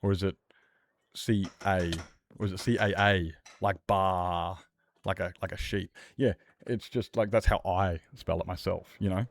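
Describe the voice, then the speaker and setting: Speaking a little slowly in a low-pitched voice with fairly even intonation, a man streams a game and chats casually with his viewers. He rambles, gets argumentative, and swears from time to time.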